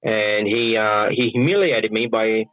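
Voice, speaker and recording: A man with an Australian accent, a pro wrestler, telling stories in a loose, animated way and swearing freely. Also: fairly low pitch, measured pace, no echo. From Western Australia. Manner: animated, acts out quoted voices, swears freely. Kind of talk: casual storytelling. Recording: dull lo-fi sound.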